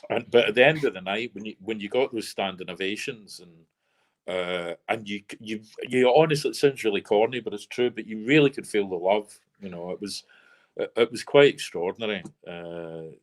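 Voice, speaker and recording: A middle-aged Scottish man, an actor and comedian, chatting in a radio interview, rambling through anecdotes with fillers and restarts. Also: on the low side. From Scotland. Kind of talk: casual radio interview chat.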